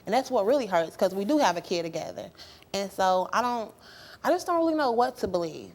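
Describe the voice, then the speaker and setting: A young woman speaks as a talk show guest, wandering through her account in a hesitant, halting way. She leans on fillers and restarts as she goes. Her pitch sits in a middling range. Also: very animated, darkish tone. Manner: rambling, hesitant, full of fillers. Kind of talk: emotional talk show testimony.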